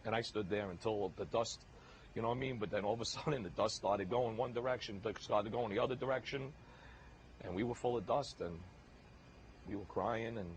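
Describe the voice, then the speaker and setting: A man giving an emotional eyewitness account, halting and repeating himself as he restarts phrases. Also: lowish voice, slight background noise, rough recording. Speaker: eyewitness, building worker.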